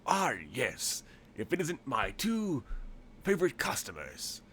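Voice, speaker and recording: A man voicing a smooth-talking, lying male shopkeeper with an exaggerated Cockney accent and oily salesman patter. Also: a little high, wildly swooping pitch, slow pace, a bit bright, a little hiss or hum, voice pushed up, heavily acted. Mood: smarmy. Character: smooth lying confident male cyberpunk tailor.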